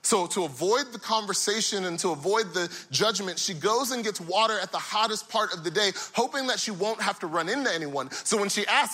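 A young man preaching a sermon, retelling a story with lively swings between loud, high character voices and quiet, low reflection. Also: a little fast, few pauses. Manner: animated storytelling, voicing characters with big pitch swings. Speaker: pastor.

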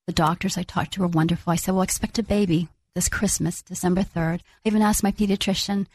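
A middle-aged woman telling her own story as a mother, earnest and reflective, with small restarts and pauses. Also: lowish voice, fairly even intonation, a little mellow, no echo, studio quality. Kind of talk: personal storytelling.

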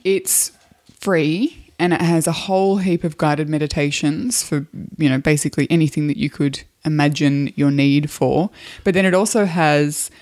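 A woman's voice: low voice, steady tone, normal speed, hardly any pauses, a little mellow. A woman co-hosting a casual podcast, upbeat and chatty, explaining things at length. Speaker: podcast co-host.

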